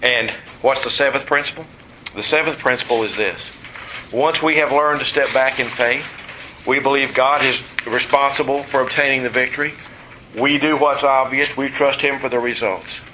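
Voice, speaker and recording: A man's voice: mid-range voice, steady tone, moderate pace, background noise. A man preaching a sermon, emphatic, asking his listeners questions and answering them himself. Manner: emphatic, asks the audience questions.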